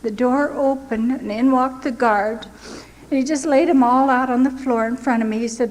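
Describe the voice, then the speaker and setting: An older woman recounts her own testimony with earnest, dramatic storytelling. Her voice sits a little high, and it rings out in a hall with a long echo. A faint hiss sits underneath. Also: moderate pace, a little mellow. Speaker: missionary telling her testimony. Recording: echoey hall with faint noise.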